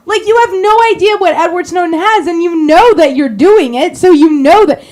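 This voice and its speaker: Female co-host with a high voice who argues point by point. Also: normal speed, a little mellow. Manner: argumentative, reasoning point by point. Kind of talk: political talk show.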